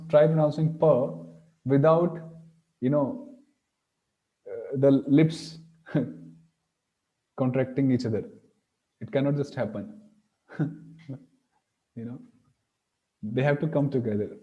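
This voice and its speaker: A man's voice: mid-range voice, fairly even intonation, takes it slowly, long pauses, muffled recording. A man teaching Sanskrit pronunciation, patiently sounding out each letter aloud. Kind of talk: online class explanation.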